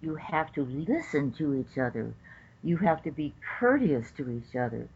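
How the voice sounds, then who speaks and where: A woman's voice: low-pitched, moderate pace, slightly rough. Older woman judge telling stories, lo-fi. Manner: animated storyteller acting out quotes. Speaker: federal judge. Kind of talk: interview storytelling. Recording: dull lo-fi recording.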